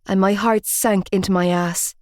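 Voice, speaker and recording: A woman narrates a first-person audiobook with fiery, emotive delivery. Her voice sits at a middle pitch. The recording is dry and close, with no room sound. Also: steady tone, normal speed, darkish tone, no room sound. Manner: emotive, heated reading.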